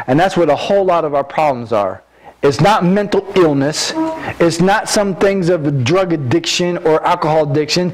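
A male pastor preaching with fervor, his voice sitting high for a man. He breaks into loud, emphatic bursts and often repeats his first words as he builds a sentence. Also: rough recording. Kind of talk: sermon.

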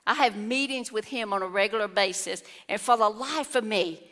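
A woman's voice: mid-range voice, normal speed, fairly bright tone. A woman preaching a sermon, telling the story with exclamations and acted-out voices. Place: church hall. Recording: long hall reverb.

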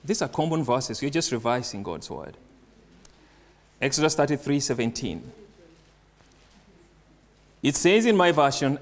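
A man preaching a sermon who does not speak English as his first language. He reads scripture slowly and stresses single words, and he puts questions to the congregation and then answers them. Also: high voice, animated.

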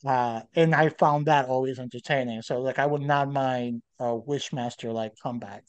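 A man's voice: mid-range voice, steady tone, normal speed, clean tone. A man co-hosting a podcast in casual chat, rambling with fillers and restarts. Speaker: podcast co-host.

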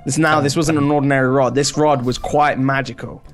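A man's voice: medium pitch, fairly even intonation, fairly quick, soft background music. A man playing a game with a friend, telling a goofy improvised story between bursts of reaction. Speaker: co-player. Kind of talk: casual game commentary and storytelling.

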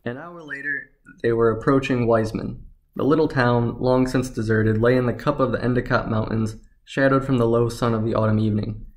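Man narrating a story in a mid-pitched voice. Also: fairly even intonation, fairly quick.

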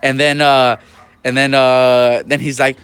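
A young man telling a story in a rambling, profane, animated way during casual trash talk. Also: medium pitch, unhurried, clean tone.

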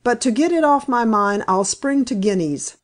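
A woman reading an audiobook and voicing a mild-mannered male detective with a calm, measured delivery. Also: on the high side, lightly acted. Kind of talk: audiobook character voice.

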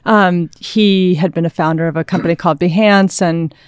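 A woman's voice: fairly low pitch, fairly even intonation, moderate pace, clear, resonant tone, no room sound, clean studio sound. A woman guest on a podcast interview, thoughtful and agreeable, answering at length. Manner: thoughtful, agreeable, backchannels often. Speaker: venture capital partner, guest. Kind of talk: casual interview chat.

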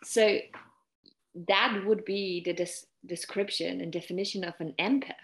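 A woman's voice: medium pitch, steady tone, a little slow. A woman hosting an interview, mostly giving brief reactions and short summaries. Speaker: interview host. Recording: roomy echo.

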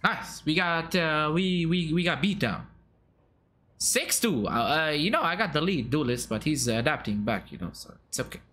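A man from Arabia, giving excitable, chatty live commentary on his own gameplay as a streamer. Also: on the high side, normal speed, faint music behind. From Saudi Arabia. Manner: excitable, chatty, bursts into shouts and laughs at the game.

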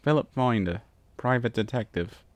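A man voicing a terse, low-voiced stallion pony private detective with an Australian accent. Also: lively intonation, normal speed, no room sound, lightly acted.

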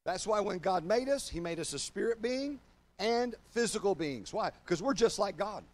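An older man preaches in a notably high voice, addressing his church and viewers online. He builds to loud, forceful declarations, then drops down low and slows his pace to stress a point. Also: lively intonation. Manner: emphatic preaching, swinging from loud declarations to low, slow confiding. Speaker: pastor. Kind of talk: sermon.

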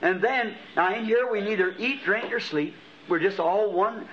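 On a dull, lo-fi archival tape, a middle-aged man preaches a sermon, recounting a vision as a story with impassioned, rising exclamations. His voice is high-pitched and his pace moderate.

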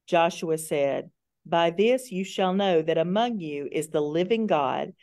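Woman reading scripture, low voice. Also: animated, measured pace, darkish tone. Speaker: scripture reader in Bible study.

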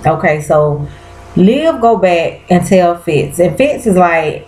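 A woman's voice: fairly low pitch, expressive, slow, darkish tone, reverberant, rough recording. A woman recapping a TV episode in casual chat, exclaiming and talking straight to her viewers in loose slang.

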